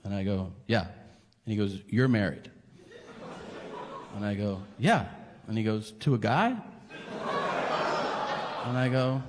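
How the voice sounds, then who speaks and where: The comic's voice is lowish now, at a measured pace with long pauses, as he animatedly plays both parties in a profane story. Slight background noise joins the laughter and long reverb of the large live hall.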